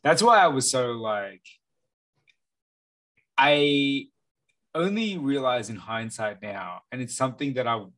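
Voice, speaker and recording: A man's voice: medium pitch, animated, measured pace, pauses often, fairly bright tone, low-quality recording. A man, co-hosting a podcast in loose casual chat, rambling with lots of "like" fillers and the odd swear. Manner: rambling, heavy use of "like" fillers, occasional swearing. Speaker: podcast co-host.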